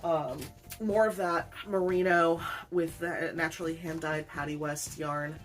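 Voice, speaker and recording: Low-voiced woman host, chatty and rambling, casual home vlog. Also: fairly even intonation, a little slow, soft background music. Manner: chatty, rambling, self-deprecating, laughs often. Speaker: weaver, channel host.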